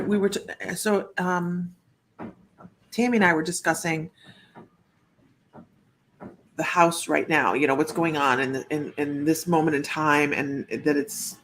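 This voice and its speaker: A woman's voice: sits low, a little hiss or hum. A woman psychic reader hosting a live stream, chatting in a rambling, friendly way and greeting viewers by name. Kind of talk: casual live-stream chat.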